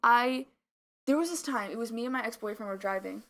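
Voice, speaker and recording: A woman's voice: fairly high pitch, a little fast, a bit bright. A young woman co-hosting a podcast in casual chat, rambling with lots of filler words and a slight mumble. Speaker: podcast co-host.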